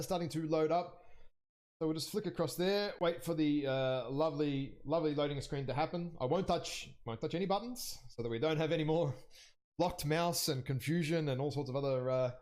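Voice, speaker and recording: A young man casting an online game league match live, chatty and rambling as he thinks aloud, his voice jumping higher when something surprises him. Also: brisk, a little mellow. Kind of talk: live esports commentary.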